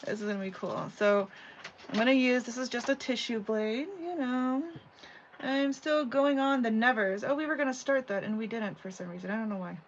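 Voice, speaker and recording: Speaking at a moderate pace in a slightly high voice, this craft channel host runs a relaxed live tutorial from home. She rambles chattily, leaning heavily on "you know" and "like," over slightly dull audio with a faint background hum.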